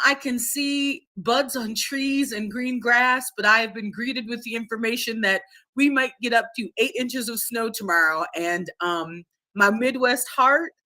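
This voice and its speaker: A woman's voice: fairly high pitch, bright, forceful tone. A woman co-host with a Minnesota accent, chatting in a bubbly, playful way. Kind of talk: casual chat.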